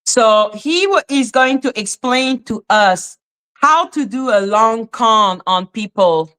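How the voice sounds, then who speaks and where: Bright, sarcastic woman commentator. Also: on the high side, expressive, slow pace, clear, resonant tone. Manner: sarcastic, profane. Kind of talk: casual commentary.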